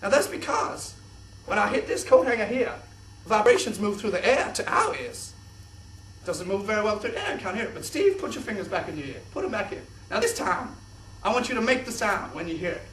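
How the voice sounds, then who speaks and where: A young man presenting a kids' science show in an exaggerated, excitable host voice. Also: high-pitched, brisk. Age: young adult. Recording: echoey room, distant mic.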